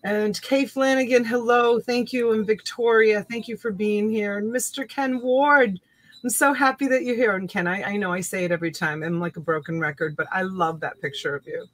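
A woman's voice: mid-range voice, steady tone, moderate pace, no room sound. A woman in her fifties hosting a casual live-stream auction, greeting viewers by name and calling them honey and sweetheart. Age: 50s. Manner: warm greetings to viewers, laughs often, calls people honey and sweetheart.

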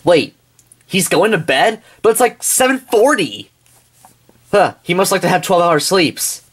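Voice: mid-range voice, sing-song, measured pace, slightly rough. A performer voicing a cheerful, chatty male character in an amateur toy drama. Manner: upbeat, chatty. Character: cheerful friendly gift-giver, male.

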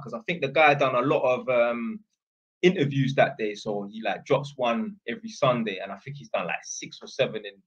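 A man's voice: mid-range voice, slightly rough. A man vlogging, telling a story in a rambling, slangy way and tagging lines with "innit". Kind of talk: casual storytelling.

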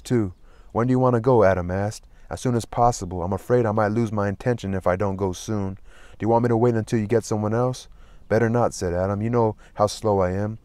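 A man reading a novel aloud in an even, plain manner, lightly voicing the dialogue. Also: on the low side, no room sound. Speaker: audiobook reader.

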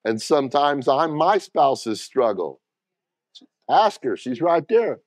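A man's voice: a little high, big pitch swings, slow pace, no echo, clean studio sound. A middle-aged man preaching a sermon as pastor, talking plainly and directly to the congregation and calling for responses.

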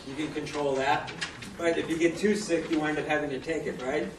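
A man's voice: fairly high pitch, fairly even intonation, fairly quick. Chatty man presenting in an echoey hall. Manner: chatty, asks the audience questions. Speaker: product presenter. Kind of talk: live product talk to an audience. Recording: echoey room, mic at a distance, noisy.

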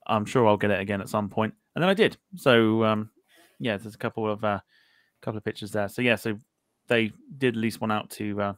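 A man's voice: on the low side, brisk, no room sound. A man hosting a podcast, chatting casually and reading out viewer comments, joking and stumbling over words now and then. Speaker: podcast host.

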